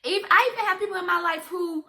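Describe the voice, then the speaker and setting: A young woman rants to camera in a commentary vlog, impassioned, emphatic and repeating herself. Her voice is very high-pitched, fast, pushed and bright.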